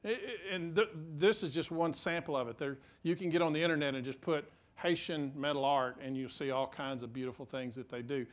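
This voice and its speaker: Middle-aged male pastor, fairly high voice, halting but emphatic preaching. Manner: halting restarts, swings from quiet to emphatic. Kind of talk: sermon.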